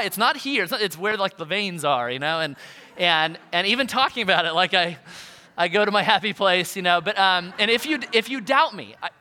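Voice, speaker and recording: A man's voice: sits high, pushed and bright. A young adult male pastor giving a sermon in a conversational, self-deprecating storytelling manner.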